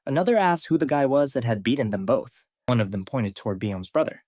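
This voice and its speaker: Man, story recap narrator, even delivery, dry close sound. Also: mid-range voice, brisk, few pauses, no echo. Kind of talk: scripted narration.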